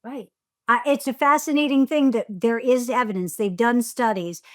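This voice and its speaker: A middle-aged woman, a divorce coach, speaking as a podcast guest and explaining ideas in a calm, affirming way. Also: on the high side, moderate pace, dry recording, studio quality.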